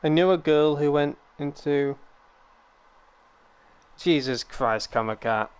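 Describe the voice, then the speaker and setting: This is casual live-stream chatter from a young British man, rambling to viewers as he plays a game. His voice sits on the higher side, he takes things slowly, and the tone is clean.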